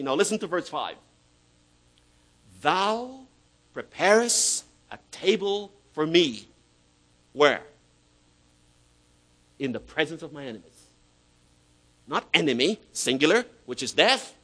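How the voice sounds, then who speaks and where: A man preaching a sermon as pastor, swinging between loud emphatic bursts and hushed asides, stretching key words slowly for effect. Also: on the high side, sing-song, poor audio.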